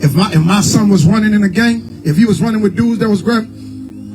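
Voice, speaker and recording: A man preaching a fiery street sermon, swinging from low murmurs to shouted pleas. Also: fairly quick. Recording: music bed behind the voice.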